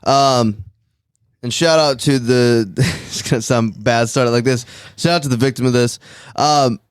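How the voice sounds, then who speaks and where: A man at a mid-range pitch spins a loose, swearing anecdote on a podcast and keeps breaking into laughter. The sound is dry and close, with no room echo. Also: clean tone. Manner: rambling, profane storytelling with frequent laughs. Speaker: podcast host. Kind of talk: casual podcast chat.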